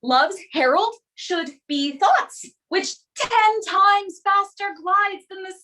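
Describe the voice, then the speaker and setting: A woman playing a very high, impatient young girl in love. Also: slow, pushed and bright, heavily acted. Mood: longing. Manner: pleading, impatient. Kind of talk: amateur stage reading of a classic play.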